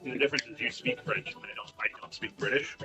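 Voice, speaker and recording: A man's voice: medium pitch, pushed and bright. A man from the United States running a live tabletop game as dungeon master, joking with his players as he calls their turns.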